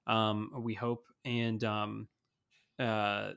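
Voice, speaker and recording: A man talking through sports news on a podcast, low in pitch with a gravelly, creaky edge. He rambles, restarts and fills gaps with ums as he thinks aloud. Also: flat delivery, drawn-out words, a bit bright. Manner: rambling, many fillers and restarts. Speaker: podcast co-host. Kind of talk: casual sports chat.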